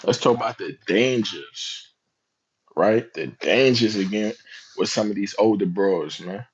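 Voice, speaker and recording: A man's voice: fairly low pitch, a little slow, lo-fi sound, a little hiss or hum. A man giving slangy, emphatic reaction commentary, often asking rhetorical questions. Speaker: commentary vlogger.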